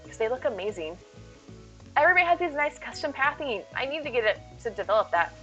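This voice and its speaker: A woman's voice: high voice, expressive, fast, a bit bright, lo-fi sound, faint music behind. A woman streaming live and chatting with viewers, playful and silly, full of jokes and puns.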